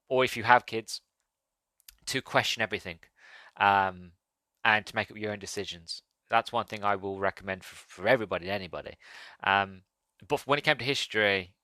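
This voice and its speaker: Hesitant man, bright lowish voice. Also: no echo. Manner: hesitant, earnest, many fillers and restarts. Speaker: podcast host, film reviewer. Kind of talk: casual solo podcast talk.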